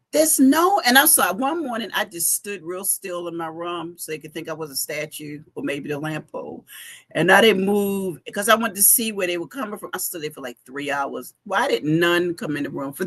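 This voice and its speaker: A woman's voice: medium pitch, very animated, moderate pace, a bit bright, breathy edge. A middle-aged woman, chatting animatedly to viewers in a casual livestream from her home basement, speaking into a phone. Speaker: fashion week organizer giving a live update.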